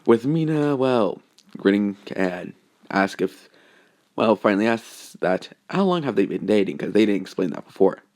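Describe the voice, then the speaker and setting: A man's voice: fairly low pitch, very animated, moderate pace, a little mellow. A young man narrating a fan story off the cuff, rambling with many fillers and self-corrections.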